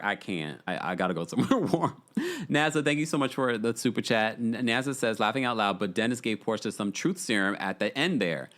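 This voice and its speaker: A man's voice: lowish voice, a bit bright. A man hosting a casual livestream recap, chatting and reading viewer messages aloud. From United States. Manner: chatty, reads viewer super chats aloud. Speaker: podcast host.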